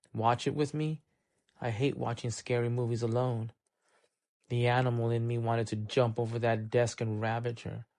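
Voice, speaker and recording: A man reading a noir short story aloud, in measured, steady storytelling. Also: mid-range voice, dry recording. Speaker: narrator. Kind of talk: scripted audiobook narration.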